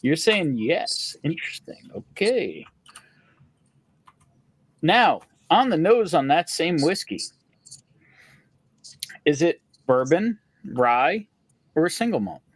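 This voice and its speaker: Man, livestream host, casual joking chat, high voice, very lively pitch. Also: takes it slowly, pauses often, dry recording. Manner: playful, joking, greets viewers.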